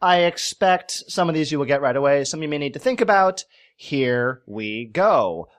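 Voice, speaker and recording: A man's voice: fairly high pitch, lively intonation, normal speed. A man hosting a quiz on a casual podcast, playful, spelling out words letter by letter. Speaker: quiz host.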